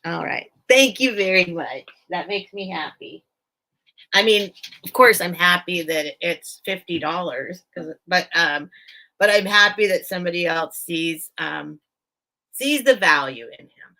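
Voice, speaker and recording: On a casual home livestream, a woman hosts a vintage sale, chatting and musing aloud directly to viewers. Her voice sits on the low side, a little slow, with lively intonation and a pushed, bright quality.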